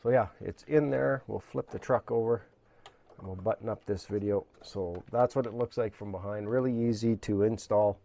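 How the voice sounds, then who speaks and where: Low-voiced man, rambling hobby talk. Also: normal speed, creaky, warm tone. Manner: rambling, many fillers and restarts. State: slightly hoarse, losing his voice. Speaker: RC hobby channel host. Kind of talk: casual build walkthrough. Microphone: camera mic, at times handheld camera.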